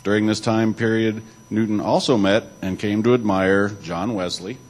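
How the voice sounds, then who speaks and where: A man's voice: on the low side, steady tone, normal speed, darkish tone, poor audio. A man giving a church talk, alternating between reading aloud and loose spoken asides, with occasional restarts. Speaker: church speaker.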